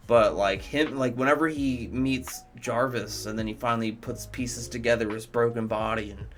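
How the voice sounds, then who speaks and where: A man's voice: medium pitch, steady tone, moderate pace, faint music behind. A man reviewing movies in casual commentary, enthusiastic, profane and rambling.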